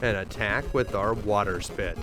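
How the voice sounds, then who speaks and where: A man host narrating a scripted video game walkthrough in an upbeat, lightly joking way, over clear game music. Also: lowish voice, unhurried.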